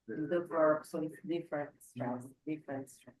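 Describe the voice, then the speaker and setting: A woman's voice: sits low, normal speed, echoey room, muffled recording. A woman English teacher leading an online class, patiently explaining grammar and switching between English and Portuguese.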